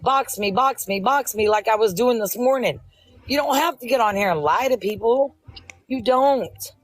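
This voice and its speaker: A woman's voice: on the high side, normal speed, dry recording, poor audio. A middle-aged woman on a livestream, angrily confronting someone in an insistent, repetitive, scolding way. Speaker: livestream guest confronting host.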